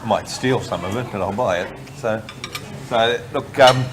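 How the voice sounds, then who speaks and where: A man's voice: lowish voice, normal speed, a crowd in the background. A man hosting a travel show, chatting and joking while he eats in a restaurant. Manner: jokey, chatty, talks while eating. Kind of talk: casual chat over a meal.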